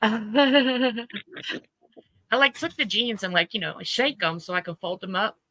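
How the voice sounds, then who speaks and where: A woman's voice: medium pitch, normal speed, fairly bright tone, no echo, rough recording. A woman hosting a casual livestream, greeting viewers by name and laughing through her stories. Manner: chatty, laughs at own stories. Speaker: livestream host.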